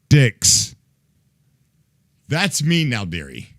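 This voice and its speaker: A man's voice: mid-range voice, a bit bright, no room sound. A man hosting a live stream in casual chat with viewers. He is playful, laughs often, makes silly sound effects with his mouth and plays at being fed up with the chat. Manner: mock-exasperated as he reacts to chat. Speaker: livestream host.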